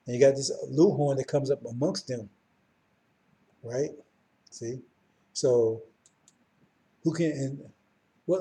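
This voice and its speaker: Emphatic and informal, this middle-aged man teaches a Bible class in a fairly high-pitched voice with a dark tone. He repeatedly checks in with his audience by asking "right?" and "see?"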